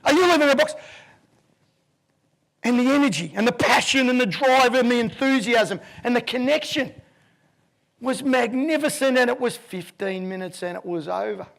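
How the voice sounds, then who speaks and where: A man's voice: extremely high pitch, moderate pace, gravelly. A man in his fifties giving a keynote talk, telling a vivid story and acting out the voices in it. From Australia. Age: 50s. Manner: vivid, animated storyteller who acts out voices. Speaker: keynote speaker.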